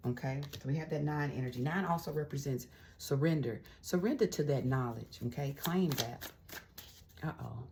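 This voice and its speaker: Very low-voiced excitable tarot reader woman. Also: normal speed, noisy background. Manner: excitable, chatty, slips into hushed whispers. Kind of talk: excited casual tarot reading.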